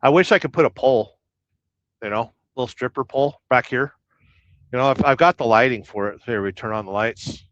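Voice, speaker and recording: Speaking a little fast in a medium-pitched, slightly bright voice, a man hosts a casual livestream from inside his truck, rambling and joking as he reads viewer comments aloud. The audio is dull but free of echo.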